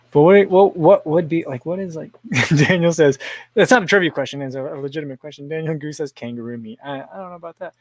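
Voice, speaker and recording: A man's voice: fairly high pitch, fairly quick, no room sound. A man hosting a casual livestream, rambling, chuckling often and reading viewer comments aloud. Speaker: livestream host.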